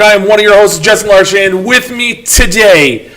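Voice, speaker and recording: A man's voice: high-pitched, a little fast, poor audio. A young man hosting a podcast in casual, joking chat. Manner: joking, upbeat and loud when opening the show. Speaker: podcast host.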